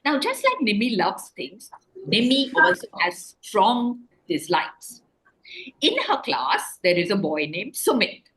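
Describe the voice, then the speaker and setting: A woman's voice: mid-range voice, slow pace. A woman author telling a story to children over a video call, stopping often to ask them questions. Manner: animated, asks the children questions.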